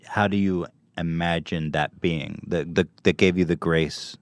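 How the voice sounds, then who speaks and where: A man's voice: low voice, steady tone, measured pace, no room sound. A man hosting a casual podcast interview, reacting with short remarks and reflective questions. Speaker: podcast host.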